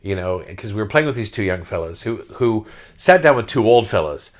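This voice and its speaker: A middle-aged man hosting a podcast, telling a story in a casual, excitable way that often repeats words and restarts. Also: lowish voice, brisk. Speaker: podcast host.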